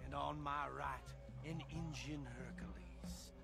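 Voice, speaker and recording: A man's voice: a little high, slow, gravelly, full character voice. An actor playing a brash male fight announcer with a theatrical barker cadence in a video game. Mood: showy. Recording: loud music over voice.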